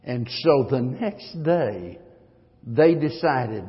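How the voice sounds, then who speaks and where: A man preaching a sermon as pastor, emphatic, his voice swelling louder at key points. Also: on the high side, expressive, unhurried. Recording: muffled long-reverb hall recording.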